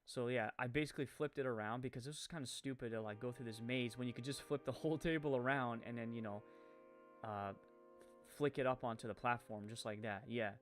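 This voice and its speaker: A man's voice: mid-range voice, steady tone, fairly quick, fairly bright tone, faint music behind. A man with a French-Canadian accent giving rambling live-stream commentary, full of fillers, who corrects his own stumbles.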